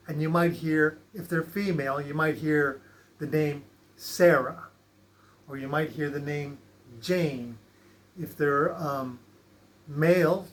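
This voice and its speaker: A man with a slightly raised pitch talks in a loose, unhurried way. He rambles through his points, stopping to restart phrases and filling gaps with small hesitations. The tone is a casual spiritual chat. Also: slight background noise. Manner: relaxed, rambling, many fillers and restarts. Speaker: channel host.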